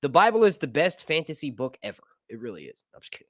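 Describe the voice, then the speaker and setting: A man talks through a film review in a loose, swearing, jokey way, his pitch jumping up and down as he goes. He drifts into tangents and reads passages aloud between them. The sound is close and dry, with no room around it. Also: big pitch swings, fast, dry recording. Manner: profane, rambling, jokey asides. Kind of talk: casual movie commentary, reading aloud.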